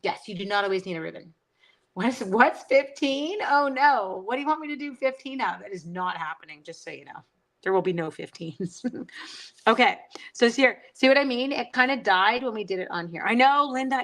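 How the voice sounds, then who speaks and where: A woman's voice: fairly high pitch, lively intonation, moderate pace, a bit bright, poor audio. A middle-aged woman hosting a casual crafting livestream, chatting and teasing herself while answering viewer comments.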